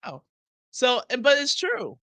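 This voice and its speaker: A woman's voice: high-pitched, wildly swooping pitch, a little slow, a bit bright, dry recording. A woman in her fifties hosting a motivational live stream, emphatic and preachy, laughing often. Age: 50s. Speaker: podcast host and math tutor.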